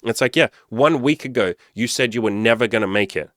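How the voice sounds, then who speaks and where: A man's voice: mid-range voice, fast, fairly bright tone, no room sound, studio quality. A man talking casually as a dating and self-improvement coach, blunt and swearing freely as he gives motivational advice. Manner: blunt, swears freely, acts out quoted people.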